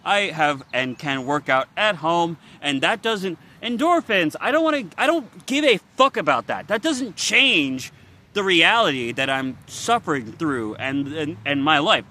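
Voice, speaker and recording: A young man unloads his frustration straight to camera in a tired, blunt, profane rant. His voice sits high and sounds bright and forceful, and it leaps up and down in pitch as he vents. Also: big pitch swings, a little slow. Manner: frustrated, swearing, venting bluntly. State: weary and worn out. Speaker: vlogger. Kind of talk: confessional vlog rant.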